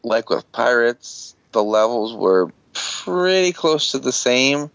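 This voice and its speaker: Gravelly dude rambling through a story on a call, dry and kinda muffled. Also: male voice, medium pitch, big pitch swings, slow, fairly bright tone, no room sound. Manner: rambling, swears casually, acts out quotes. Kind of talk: casual storytelling on an online call.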